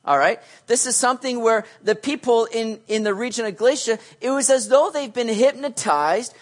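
A pastor preaching a sermon, animated, switching between loud emphasis and hushed asides, and acting out quoted voices. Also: medium pitch, normal speed. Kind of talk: sermon teaching on a Bible passage.

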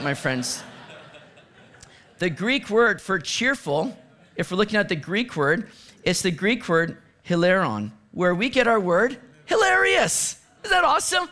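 A man preaching a sermon as pastor, animated, moving from hushed asides to excited exclamations. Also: sits high.

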